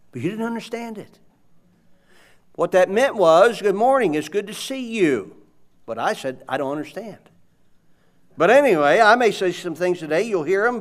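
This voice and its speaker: High-voiced preacher man. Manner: animated, conversational, audience call-and-response. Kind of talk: sermon.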